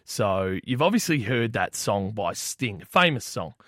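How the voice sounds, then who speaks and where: A man's voice: fairly low pitch, very animated, a little slow, fairly bright tone, no echo, studio quality. A man, cohosting a podcast in casual, joking banter. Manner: laughing, joking. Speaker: podcast co-host.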